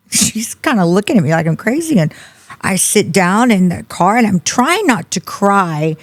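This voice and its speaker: A woman's voice: medium pitch, a little slow. A middle-aged woman, a podcast guest telling a personal story and acting out the people in it. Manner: animated storyteller acting out quoted dialogue. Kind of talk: storytelling interview.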